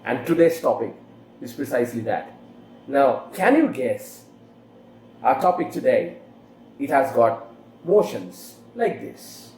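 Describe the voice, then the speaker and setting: Slow, lively-pitched English teacher. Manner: slow, exaggerated rises and falls, rhetorical questions. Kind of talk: online English lesson. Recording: roomy echo, faint background noise.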